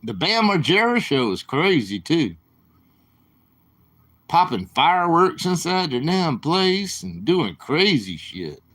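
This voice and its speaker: Slow rambling guy chatting on his stream, kinda high voice, keeps saying sorry. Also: sing-song, fairly bright tone. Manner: rambling, apologetic, slow-talking. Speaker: live streamer. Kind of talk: rambling casual live-stream chat.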